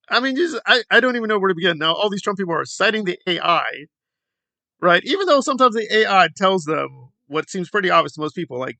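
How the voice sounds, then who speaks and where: A man's voice: sits high, expressive, fast talker, vocal fry, sharp tone, dry recording. A man hosting a commentary video, ranting in a sarcastic, exasperated way. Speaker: commentary channel host.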